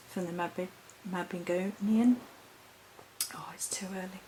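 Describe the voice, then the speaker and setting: Her voice low and darkish, a woman who vlogs about witchcraft muses on her spiritual practice, wandering off topic, interrupting herself with corrections and laughing. The recording is rough, with slight background noise.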